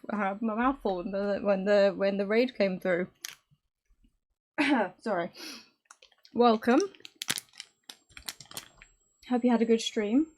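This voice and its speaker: At her home desk, a woman game developer codes on a casual live stream and thinks out loud, halting and starting over often. Her voice is medium in pitch with a darkish tone.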